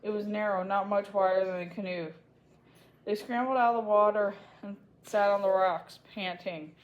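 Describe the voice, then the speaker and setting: A woman reading a children's chapter book aloud in a gentle, unhurried storytelling manner. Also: medium pitch, fairly even intonation, muffled recording. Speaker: storybook reader.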